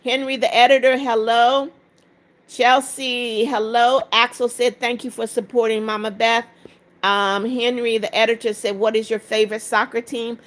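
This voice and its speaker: Her voice a little high with little pitch movement, a livestream host in her seventies speaks at a moderate pace. Worn out after hours of talking, she reads viewer comments aloud one by one and gives each a short reply.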